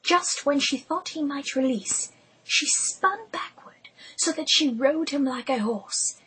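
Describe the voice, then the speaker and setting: A woman narrating an audiobook in a hushed, intimate whisper. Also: high voice, slow pace, slight background noise, rough recording.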